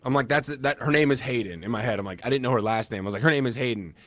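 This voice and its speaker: A man in his thirties co-hosting a podcast, telling a story casually and acting out quoted lines loudly. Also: medium pitch, very fast, no room sound. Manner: animated, acts out quoted lines in a loud raised voice. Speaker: podcast co-host.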